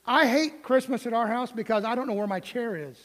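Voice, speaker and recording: A man's voice: extremely high pitch, a little fast, fairly bright tone, in a large hall. A middle-aged male pastor preaching a folksy, conversational sermon in a church, with light humor. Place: church sanctuary.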